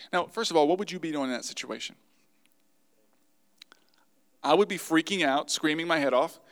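Guy preaching a sermon, kinda high voice, gets animated and acts out the quotes. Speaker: pastor.

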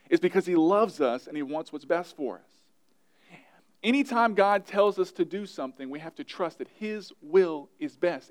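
A male pastor, around his thirties, preaching an emphatic sermon and repeating his key phrases. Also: on the high side.

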